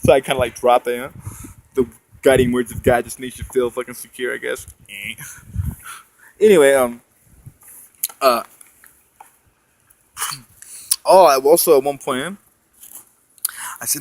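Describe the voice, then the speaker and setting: A man's voice: mid-range voice, fairly even intonation, slow pace, pauses often, poor audio. A man telling a long personal story in a meandering monologue, swearing often and leaning on fillers and tag questions. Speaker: storyteller recounting spiritual experiences.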